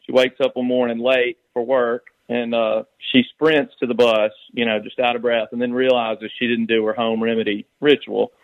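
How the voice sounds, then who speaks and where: A man's voice: medium pitch, flat delivery, moderate pace, few pauses, dry recording. Man rambling on a muffled phone. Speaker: caller. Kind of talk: casual call-in chat and joke telling.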